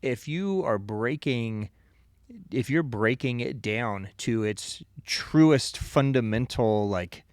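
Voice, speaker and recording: A man co-hosting a casual podcast, talking things through in a loose, rambling way and dropping "you know" into nearly every thought. His voice is mid-pitched. It is recorded dry and close, with no room sound. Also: slow, a little mellow, clear, resonant tone, dry recording. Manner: rambling, opinionated, full of "you know" and "right?". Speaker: podcast co-host.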